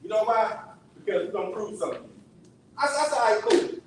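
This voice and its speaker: A man with a high voice tells a story from the pulpit in an easy, conversational way, checking in with his listeners often. He is heard from a distance in a very echoey church sanctuary. A faint hiss sits under the recording. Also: animated, fast. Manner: conversational, asks the audience "right?" often. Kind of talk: sermon-style storytelling.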